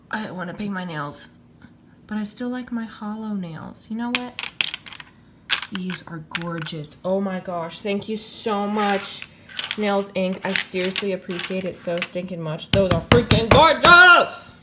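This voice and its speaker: A young woman vlogging casually as she unboxes beauty products, gushing and excitable with frequent gasps. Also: mid-range voice, very noisy.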